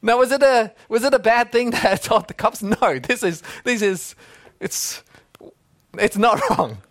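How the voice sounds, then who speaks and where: High-voiced joking pastor. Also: male voice, measured pace, dry recording, clean studio sound. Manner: casual and joking, laughs often at his own stories. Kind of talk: sermon.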